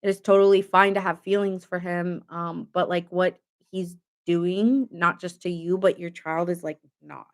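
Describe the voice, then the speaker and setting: A woman's voice: on the low side, steady tone, moderate pace, few pauses. Chatty, indignant woman tarot reader. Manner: emphatic, indignant, chatty with many fillers. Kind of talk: casual tarot reading to camera.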